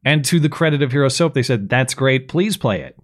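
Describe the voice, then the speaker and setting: A man's voice: mid-range voice, lively intonation, fairly quick. A man hosting a podcast, reading a sponsor spot in a chatty, self-deprecating way. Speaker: podcast host. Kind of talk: casual podcast talk with ad read.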